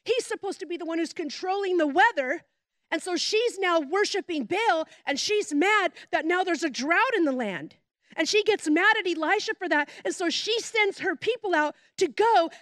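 A middle-aged woman, a pastor's wife, preaching a sermon with animated storytelling and chatty asides. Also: very high-pitched, no echo, clean studio sound.

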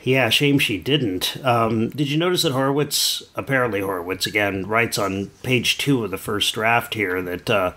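Male podcast co-host, lowish voice, wry and musing, halting casual delivery. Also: bright, forceful tone. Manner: thoughtful, wry, pauses often with fillers. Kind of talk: casual chat.

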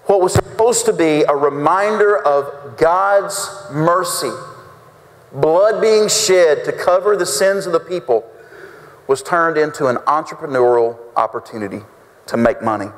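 High-voiced pastor preaching. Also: male voice, measured pace. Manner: folksy, acts out quotes with big pitch swings. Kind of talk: sermon. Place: church sanctuary. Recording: reverberant church sanctuary.

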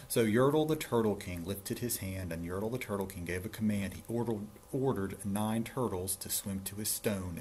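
A man's voice: fairly low pitch, a little mellow, slight background noise. A man reading a picture book aloud to children, breaking in with chatty, playful asides. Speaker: storybook reader for children.

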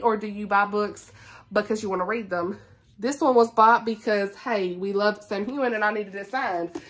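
A woman's voice: mid-range voice, fairly bright tone. A woman, chatting enthusiastically about books to her viewers, laughing often. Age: 30s. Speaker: booktuber. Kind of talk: casual book chat to camera.

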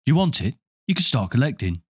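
A man's voice: mid-range voice, very animated, brisk, slightly rough, no echo, studio quality. A man reading aloud voices a chatty, offhand young boy wizard in a storybook. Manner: casual, offhand. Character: easygoing chatty boy wizard, a bit scornful.

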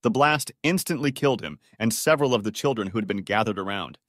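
Lively, expressive male story narrator. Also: lowish voice, fast talker, no echo, clean studio sound.

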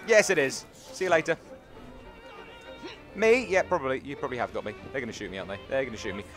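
A young man from England with a British accent and a medium-pitched voice talks fast through casual let's-play commentary on his gaming YouTube channel. He chats and pokes fun at himself over game music.

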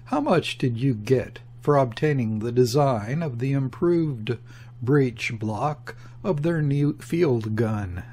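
A man's voice: mid-range voice, slow pace, slightly rough. A man voicing a mocking, condescending male embassy secretary who speaks sharply and grimly in an audiobook reading. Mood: scornful. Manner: sharp, grim, sneering.

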